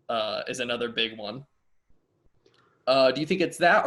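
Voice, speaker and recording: A man's voice: medium pitch, fairly bright tone. A man interviewing a friend, chatting casually with frequent fillers.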